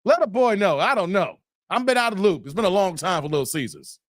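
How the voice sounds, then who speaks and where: A man's voice: sits high, expressive, fast, no echo, studio quality. A man hosting a casual live stream, reading viewer comments aloud and laughing often.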